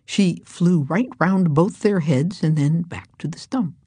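Slow, low-voiced woman reading a story. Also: no room sound. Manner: slow, hushed and breathy. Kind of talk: storybook read-aloud.

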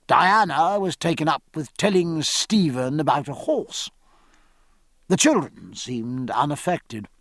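A man narrating a novel in a measured, expressive way. His voice is a little husky and somewhat high, with a lively melody. The sound is close and dry. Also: no echo. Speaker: audiobook narrator. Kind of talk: scripted narration.

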